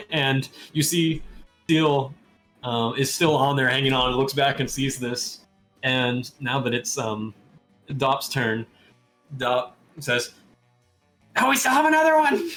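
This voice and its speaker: A man's voice: mid-range voice, steady tone, slow. Man running a tabletop game, laughing. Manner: laughs often, loose and chatty. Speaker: game master. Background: soft music.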